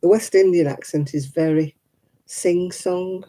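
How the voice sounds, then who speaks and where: Woman, middle-aged, warm mellow tone, chatty candid craft stream host. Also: on the low side, steady tone, measured pace, poor audio. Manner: chatty and candid, with frequent laughs. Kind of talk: casual live chat while knitting.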